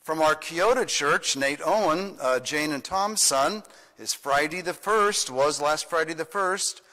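An older man leads his congregation as their pastor, folksy and playful, with a bright, forceful voice pitched a little high. His words ring in a long church reverb, with soft guitar behind him. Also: a little slow. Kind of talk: children's song and church announcements.

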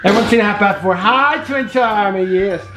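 A man and father hosting a casual family home-tour vlog, excitable and full of exclamations as he talks to his kids and viewers. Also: high-pitched, a little fast. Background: background music.

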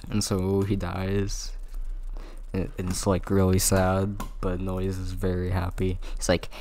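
A man's voice: low voice, little pitch movement, slow. A man telling an improvised comedic fan story while he draws, stammering and laughing as he goes. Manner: stammering repeats, frequent laughter. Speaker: storyteller drawing on stream.

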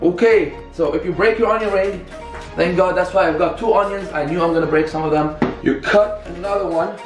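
A young man talks casually through a recipe, upbeat and chatty as he works, with a fairly high voice. He is recorded in a home kitchen on a camera someone else holds, with a roomy echo. Clear background music plays under him. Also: fairly quick. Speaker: cooking vlogger. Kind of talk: casual cooking tutorial. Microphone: camera held by another person. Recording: echoey room with music behind.

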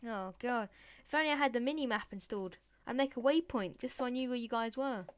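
A woman's voice: on the high side, fast talker, clean tone, no room sound. Playful woman narrating gameplay. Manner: playful, chatty, talks to in-game animals, drops to whispered asides. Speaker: Let's Play gamer. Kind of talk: casual gameplay commentary.

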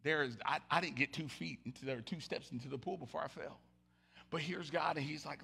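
A middle-aged man preaching a lively sermon, jumping between shouted lines and low, quiet asides. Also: a little fast, creaky, breathy edge. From Southern United States. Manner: animated storytelling, swinging from loud shouts to low murmurs. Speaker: pastor. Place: church sanctuary.

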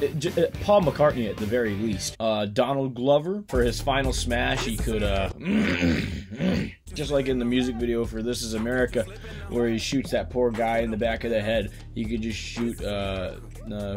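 Rambling man ranting for laughs. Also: medium pitch. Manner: rambling, with sudden loud outbursts. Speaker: video host. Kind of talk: casual comedic rant.

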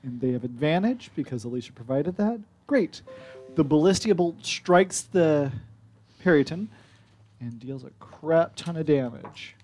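A man running a tabletop game as game master, calmly giving rules calls and describing the action. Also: on the high side, measured pace, faint music behind.

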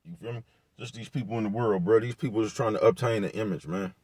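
A vlogger with a lowish, slightly mellow and husky voice goes on a casual rant to camera, laid-back and repetitive, peppering it with slang and profanity. His intonation stays fairly even and his pace is quick. The recording is dry and close, with no room sound.

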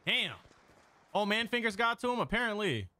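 A young man commentating his own online match live, his voice high and bouncing all over its range. He swears and trash-talks with excitable energy. Faint game gunfire sits underneath. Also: moderate pace, background noise. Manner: excitable, profane trash talk to chat. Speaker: gaming streamer. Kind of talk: live-stream gameplay commentary.

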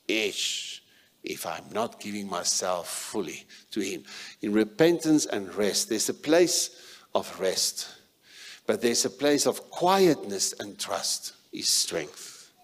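Male pastor with a South African accent and a low voice, emphatic sermon delivery that swings from loud to hushed. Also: sing-song, takes it slowly. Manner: emphatic preaching, sudden loud and soft shifts.

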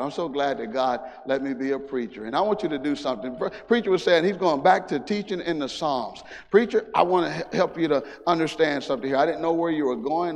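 A man in his sixties, a preacher telling folksy stories and then building into fervent preaching during a church service. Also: fairly high pitch. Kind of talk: sermon. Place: church sanctuary. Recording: long reverb of a church hall.

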